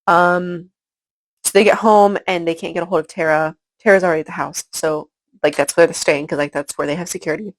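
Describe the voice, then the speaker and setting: A woman's voice: on the low side, fairly even intonation, brisk, low-quality recording. A woman casually recapping a book chapter by chapter, rambling and filling her talk with "like" and "um". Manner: rambling, filler-heavy retelling with frequent "like" and "um". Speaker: book reviewer.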